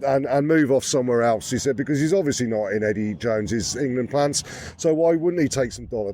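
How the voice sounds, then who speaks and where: A man hosting a casual fan podcast outdoors at a stadium, hoarse from shouting, talking in an enthusiastic, rambling way. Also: fairly high pitch, slight background noise. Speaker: podcast host. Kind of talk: casual chat.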